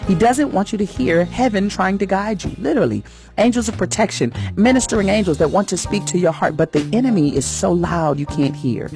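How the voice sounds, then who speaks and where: A woman's voice: mid-range voice, expressive, brisk, over music. Earnest preacherly woman radio host. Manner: warm, earnest, preacherly, rising in emphasis. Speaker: radio host giving a faith message. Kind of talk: inspirational radio talk.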